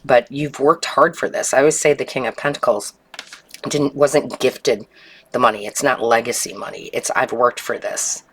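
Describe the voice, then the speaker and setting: A woman giving an intuitive tarot reading in a calm, unhurried way, often checking in with the listener. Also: extremely low pitch, slight background noise. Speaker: tarot reader.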